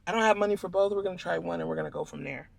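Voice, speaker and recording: A woman's voice: fairly low pitch, very fast, vocal fry, dry recording. A woman vlogging in a casual, chatty way, rambling and repeating herself as she talks to her viewers. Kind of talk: casual vlog chat.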